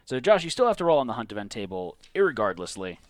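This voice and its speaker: A man's voice: mid-range voice, fast, no room sound. A man co-hosting a streamed board game night, reading event cards aloud and teasing his friend in casual chat. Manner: lively, reads rules aloud, teasing.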